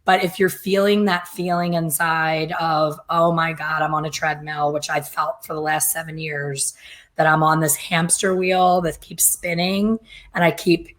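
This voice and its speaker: A woman's voice: low voice, level tone, a little slow. A middle-aged woman telling stories in casual chat, often quoting others in a chatty way. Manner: chatty, storytelling, quotes others. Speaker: hair color educator.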